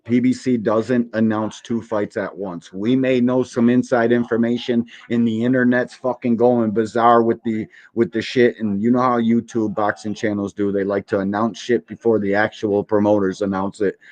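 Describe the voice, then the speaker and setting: A man's voice: lowish voice, little pitch movement, normal speed, hardly any pauses, darkish tone. Profane, mocking male stream host. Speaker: boxing podcast host. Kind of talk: live-stream commentary.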